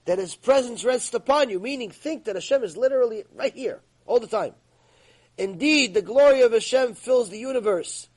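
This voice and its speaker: A Torah teacher with a high, husky voice delivers a religious ethics lecture at normal speed, pressing a point on his class. He is emphatic and scolding, acting out the voices of the people he quotes. The recording is rough.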